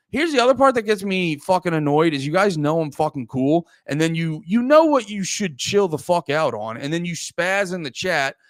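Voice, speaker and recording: With a high-pitched voice in clean studio sound free of room noise, a Pennsylvania comedian talks casually to his livestream chat. His delivery is profane, rambling, and heated.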